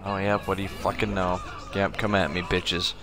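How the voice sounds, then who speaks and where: A man's voice: low-pitched, flat delivery, moderate pace, over music. A drunk young man swearing and grumbling his way through a video game, talking to himself as he plays. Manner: swearing, frustrated, muttering to the game. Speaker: gamer streamer. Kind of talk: angry drunk gameplay commentary.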